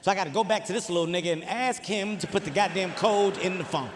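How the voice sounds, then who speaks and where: A man's voice: high-pitched, brisk, in a large hall, a little hiss or hum. A man doing stand-up comedy, telling exasperated stories with lots of energy. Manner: animated, exasperated storytelling.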